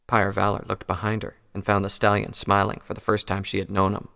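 A man narrating a fan fiction story in a measured, even reading. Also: on the low side, gravelly, clear, resonant tone. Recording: long hall reverb.

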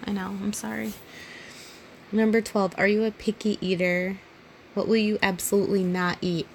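A drunk woman in her thirties answering listener questions in a casual solo monologue, giggly and rambling, often dropping to a soft near-whisper. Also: medium pitch, flat delivery, moderate pace, a little hiss or hum. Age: 30s.

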